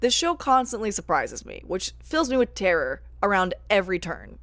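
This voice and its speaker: A woman's voice: medium pitch, moderate pace, no room sound. Chatty woman reviewing a show, dry sound. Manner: chatty, animated, self-deprecating. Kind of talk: casual vlog commentary.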